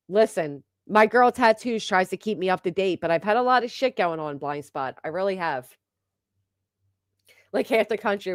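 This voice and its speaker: A woman's voice: medium pitch, no room sound, studio quality. Gossipy woman chatting on a livestream. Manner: chatty, gossipy, laughs often. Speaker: livestream host. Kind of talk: casual livestream chat reading comments.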